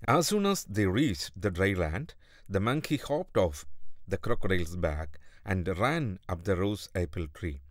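Male narrator for a kids' fable, slow and deliberate, low and animated. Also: dry recording, clean studio sound. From India. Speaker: storyteller. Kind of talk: scripted storybook narration.

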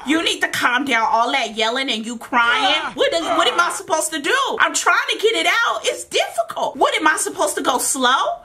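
Squealing young woman, high and lively. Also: normal speed, few pauses. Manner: loud squealing disgust, sassy jokes. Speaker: gaming vlogger. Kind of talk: comic commentary over a pimple-popping game.

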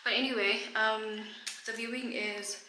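A woman's voice: a little high, fairly even intonation, a little slow. A woman from South Africa, a realtor, chatting casually to camera in a self-mocking way and often out of breath. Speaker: realtor vlogger. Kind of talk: casual vlog talk to camera. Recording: echoey room with loud background noise.

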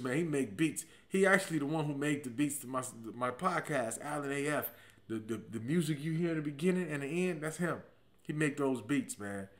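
A man hosting a podcast and telling a personal story in a casual, comic way. He swings from low, mumbled asides to loud outbursts. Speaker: podcast host.

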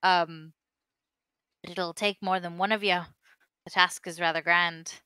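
Woman voicing a gruff bossy dwarf man, slow delivery, clear smooth voice, dry sound. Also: lowish voice, fairly even intonation, pushed and bright, no room sound. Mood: matter-of-fact. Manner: gruff, calls people lad and lass. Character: gruff male dwarf barkeeper, blunt and bossy.

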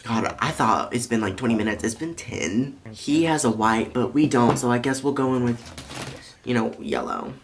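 A young man vlogging while high, excitable and rambling as he paints along and talks to the camera. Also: normal speed, slight background noise. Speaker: YouTuber. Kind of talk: casual vlog commentary.

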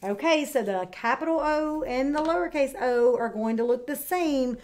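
A woman teaching kindergarten, speaking slowly and clearly with encouraging, drawn-out words for young children. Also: sits high, darkish tone. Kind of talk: read-aloud lesson for young children.

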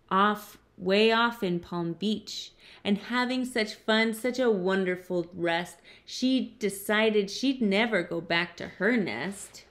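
A woman reads a picture book aloud to her students, taking her time with every line. Her voice sits a little high, and she stays expressive throughout. It has the feel of a classroom story time. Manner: expressive, putting on character voices. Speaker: teacher reading aloud.

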